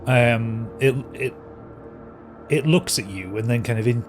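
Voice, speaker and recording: A man narrating as game master of a tabletop game, describing scenes with many pauses and fillers. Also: medium pitch, faint music behind. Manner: descriptive, hesitant, many ums and kind ofs.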